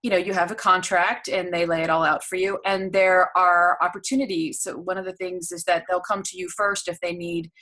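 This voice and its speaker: A woman's voice: lowish voice, level tone, fairly quick, hardly any pauses, fairly bright tone. A woman co-hosting a podcast in casual chat, telling stories candidly and with animation. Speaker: podcast co-host.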